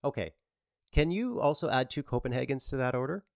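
A man's voice: medium pitch, lively intonation, a little fast, creaky, no room sound, studio quality, voice pushed up. A man voicing a blunt, foul-mouthed woman running a bed and breakfast, in an audiobook. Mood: brash. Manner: blunt and swearing.

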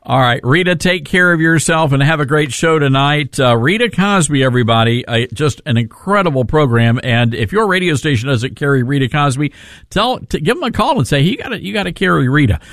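Brisk man hosting talk radio. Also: on the high side, lively intonation, fairly bright tone, no echo, studio quality. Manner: brisk, conversational, plugs and segues.

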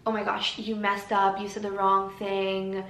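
A woman's voice: medium pitch, monotone, unhurried, a bit bright. Woman putting on a scolding inner critic, judgmental, roomy sound. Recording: roomy with faint background noise.

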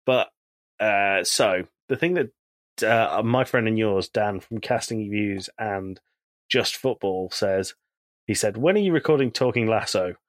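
A man's voice: lowish voice, unhurried, no room sound. A man co-hosting a podcast in casual chat, animatedly retelling TV scenes and quoting characters. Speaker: podcast co-host.

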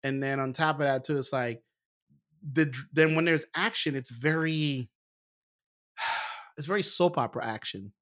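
Man, casual chat, medium pitch, relaxed, opinionated, restarts. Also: a little slow, pauses often. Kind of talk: casual chat about TV shows.

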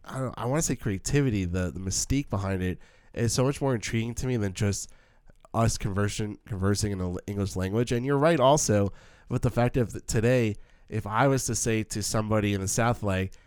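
A man co-hosting a casual film podcast, opinionated and halting, repeating words as he goes. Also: fairly low pitch, darkish tone, clean tone, no echo, studio quality. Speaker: podcast co-host.

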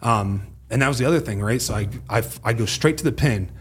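Mid-range and a little fast with a breathy edge, this man's voice carries his animated storytelling. He's in his thirties, a former pro football player guesting on a podcast, chatting casually, swearing easily, and performing other people's quoted lines.

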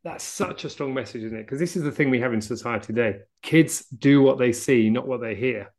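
A man's voice: mid-range voice, brisk, darkish tone. A man hosting an interview podcast, affirming his guest and summing up points with rhetorical tag questions. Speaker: podcast host. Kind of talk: casual interview chat.

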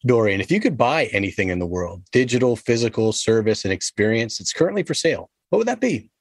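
A man's voice: fairly low pitch, sing-song, fast talker, no room sound. Casual male podcast host, dry sound. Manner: friendly, casual, calls guests "brother". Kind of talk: interview questions.

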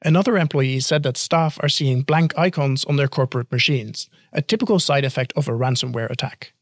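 A man hosting a podcast, reading a news roundup in a brisk way and then interviewing a colleague with dry quips. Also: mid-range voice, no echo. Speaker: podcast host.

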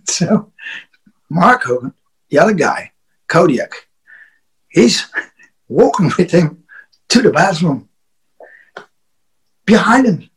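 A man's voice: a little high, big pitch swings, slow, pauses often, rough recording. A man, a wrestler, telling a casual story with frequent chuckles, profanity and restarted words. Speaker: wrestler guest.

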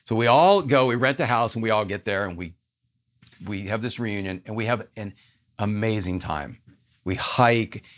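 Earnest man telling a story, lowish voice. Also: normal speed. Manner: animated storyteller, acts out others' lines; earnest, reflective. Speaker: podcast guest. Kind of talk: personal storytelling in a conversation.

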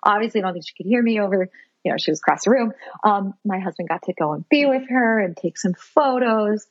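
Breathy woman telling a heartfelt story. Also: mid-range voice, animated, fast, no room sound, highs cut off. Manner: earnest, heartfelt, self-reflective. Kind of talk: personal storytelling in conversation.

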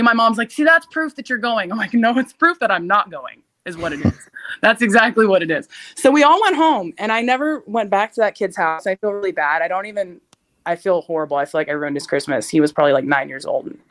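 A young adult woman, a podcast guest, telling a frightening story in a casual, animated way, with frequent "like" fillers and loud shouted quotes. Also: fairly low pitch. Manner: uses many fillers like "like".

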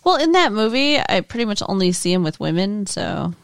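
A woman's voice: mid-range voice, sing-song, brisk, vocal fry, smooth. A woman co-hosting a podcast, chatting about a movie in a wry, offhand way. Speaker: podcast co-host. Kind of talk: casual movie review chat.

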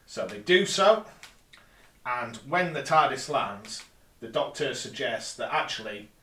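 A man's voice: medium pitch, lively intonation, unhurried, sharp tone. A man recapping an episode plot step by step on a casual podcast, with dry little asides. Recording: roomy, distant mic.

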